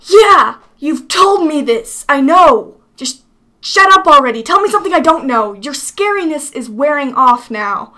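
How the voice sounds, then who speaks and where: A woman's voice: sits high, expressive, measured pace, pushed and bright, exaggerated voice. A woman imitating a fed-up young male hero, talking impatiently and sarcastically.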